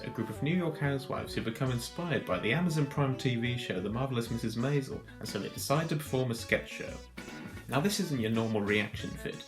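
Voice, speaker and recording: A man narrates a scripted video analysis with a dry, mock-grand deadpan. His voice sits at an everyday middle pitch. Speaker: video host.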